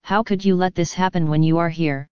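A woman's voice: lowish voice, fairly even intonation, a little fast, clean tone, dry recording, highs cut off, lightly acted. Woman reading as a furious scolding wife. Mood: angry.

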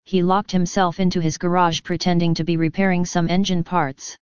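Woman storyteller, lowish and very clear, even matter-of-fact read, dry slightly dull sound. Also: moderate pace, dry recording. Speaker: narrator. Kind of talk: scripted story narration.

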